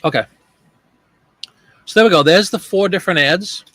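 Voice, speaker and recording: A man's voice: sits high, normal speed, bright, forceful tone, no room sound. A man hosting a casual live stream, thinking aloud as he works and chatting with viewers by name. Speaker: live-stream host and online seller.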